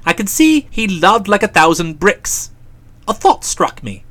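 A woman's voice: medium pitch, big pitch swings, unhurried, fairly bright tone. A woman narrating a comic novel aloud in a dry, wry storytelling manner. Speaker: audiobook narrator.

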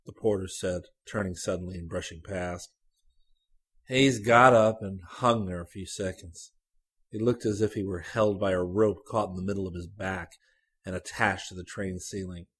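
A man narrates a literary short story in a low voice with a husky, breathy texture. His delivery is measured and even, with a slight drop for the dialogue tags.

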